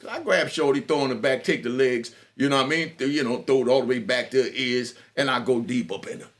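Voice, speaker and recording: A fast-talking man from New York with a mid-range voice tells a boastful, bawdy street story in a casual monologue. He laughs a lot, trips over restarts and keeps asking "you know what I mean." He's a storyteller and channel host.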